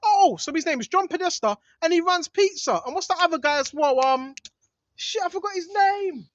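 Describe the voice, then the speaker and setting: A man's voice: very high-pitched, lively intonation, moderate pace, a bit bright, dry recording, highs cut off. A man preaching in an emphatic, rambling way outdoors in a hidden spot in the woods, often asking "right?". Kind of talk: outdoor religious vlog monologue.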